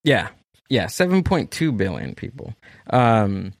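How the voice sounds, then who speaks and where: A man's voice: lowish voice, big pitch swings, a little slow, creaky, no echo. A man with a Southern Californian accent hosting a podcast, rambling enthusiastically with many restarts. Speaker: podcast host. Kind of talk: casual chat.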